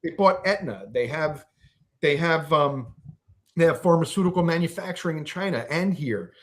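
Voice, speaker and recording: A man's voice: on the high side, animated, moderate pace. A man speaking as a podcast guest in a heated political discussion, angry and impassioned, swearing and restarting his sentences.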